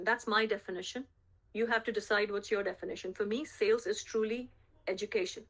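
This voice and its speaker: Emphatic woman coaching a sales team. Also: a little high. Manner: emphatic, repeats key phrases, checks in with the team. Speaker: sales coach leading a group call. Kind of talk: coaching session on a group call.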